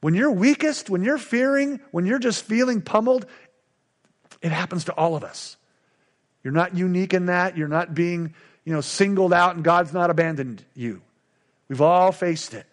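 A man's voice: sits high, normal speed. A middle-aged male pastor preaching a sermon with emphatic, repetitive call-and-response lines.

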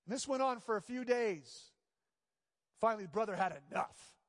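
A man preaching a sermon in a high voice, his words trailing into a long hall reverb. He tells stories and voices the people in them. He builds his points through emphatic, repeated phrases. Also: animated, normal speed. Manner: storytelling, voices characters, builds to emphatic repetition. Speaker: pastor.

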